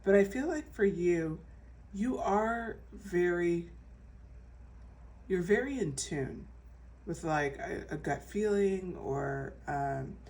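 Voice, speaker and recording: A woman's voice: lowish voice, takes it slowly, a little mellow, far from the mic. A woman giving a casual pick-a-card tarot reading in a chatty, reassuring way, with many fillers and restarts. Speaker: tarot reader.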